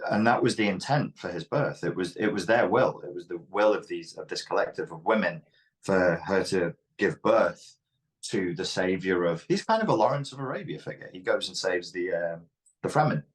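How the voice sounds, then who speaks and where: A man with a Liverpool Scouse accent, speaking frankly and reflectively as an interview guest. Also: deep voice. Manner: reflective, frank, occasionally swears. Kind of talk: candid interview talk.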